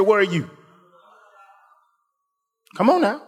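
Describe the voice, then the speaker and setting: Animated preacher man, call and response. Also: sits high, normal speed. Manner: animated, calls for congregation responses.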